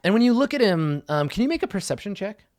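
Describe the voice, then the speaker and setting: A man's voice: sits high, big pitch swings, fast, a little mellow, no room sound, studio quality. A man narrating a tabletop game as dungeon master, casual and loose with many fillers.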